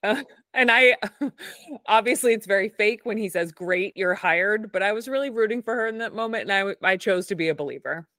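A woman's voice: mid-range voice, brisk, bright, forceful tone, no room sound, clean studio sound. A woman co-hosting a podcast, recapping an episode with enthusiasm and frequent laughter. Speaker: podcast co-host. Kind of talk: casual recap chat.

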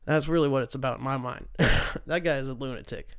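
A man's voice: medium pitch, fast, smooth, no echo, studio quality. A young man, hosting a casual solo talk show in a profane, rambling, sarcastic way. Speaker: podcast host.

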